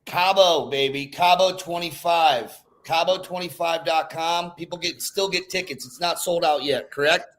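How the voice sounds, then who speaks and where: A man's voice: on the high side, fairly even intonation, moderate pace, hardly any pauses, fairly bright tone. Casual rambling male podcast host. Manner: loose, rambling, friendly. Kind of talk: casual chat.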